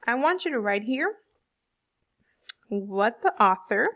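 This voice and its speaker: A woman teaching a fourth grade class, explaining slowly and stressing words for young pupils. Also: on the high side, sing-song, fairly bright tone, highs cut off. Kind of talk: online classroom lesson.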